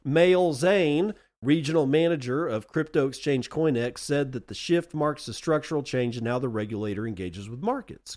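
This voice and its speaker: A man's voice: fairly high pitch, a little mellow. A man hosting a podcast, reading news articles aloud and breaking in with sarcastic asides of his own. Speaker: podcast host.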